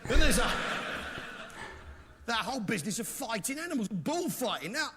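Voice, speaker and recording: A man's voice: very high voice, big pitch swings, normal speed, breathy edge. A man with an English accent doing stand-up comedy, blustering in a mock-patriotic pub manner and barking asides at the crowd. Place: theatre stage before a live audience. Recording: live show clip with loud audience noise.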